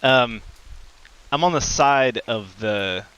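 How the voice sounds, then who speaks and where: Brief: male player, mid pitch, bright, unsure as he plans. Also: slow, clean tone, lo-fi sound. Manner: tentative, thinking aloud. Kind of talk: tabletop role-play, casual chat.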